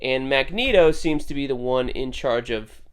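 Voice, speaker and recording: A man's voice: mid-range voice, moderate pace, clear, resonant tone. A man hosting a casual comic book review video, rambling and correcting himself as he talks. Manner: rambling, self-correcting, conversational. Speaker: host.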